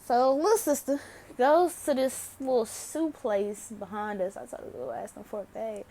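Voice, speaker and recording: A woman's voice: on the high side, moderate pace, dark tone. A young woman vlogging to camera, telling a story casually, laughing often and swearing freely.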